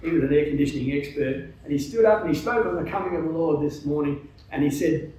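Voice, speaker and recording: Man preaching, earnest, slightly high voice, really echoey hall, mic set back. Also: quick pace, darkish tone. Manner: earnest, emphatic, with frequent hesitations. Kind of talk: sermon. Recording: very echoey hall, distant mic, faint noise.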